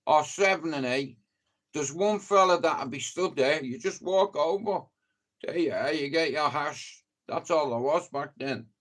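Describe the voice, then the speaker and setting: Speaking to viewers on a live stream, this middle-aged man from Dublin, Ireland, spins casual, rambling stories full of profanity and "you know." His voice runs a little high and a bit bright.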